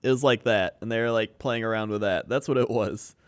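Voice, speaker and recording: A man's voice: lowish voice, brisk, clean tone, no echo, studio quality. A man co-hosting a podcast, telling stories loosely with many fillers. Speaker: podcast co-host. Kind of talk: casual chat.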